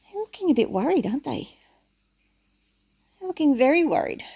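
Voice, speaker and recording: A woman reading a picture book aloud to young children, lively and questioning as she goes. Her voice sits fairly high but sounds mellow, with a gravelly texture. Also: normal speed. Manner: animated, asks the listener questions. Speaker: storyteller.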